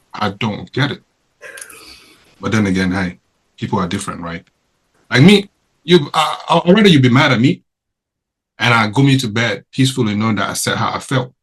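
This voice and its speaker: A man's voice: on the low side, lively intonation, moderate pace, pauses often, fairly bright tone, slightly rough, low-quality recording. A man co-hosting a podcast in casual chat, talking emphatically and full of rhetorical questions. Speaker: podcast co-host.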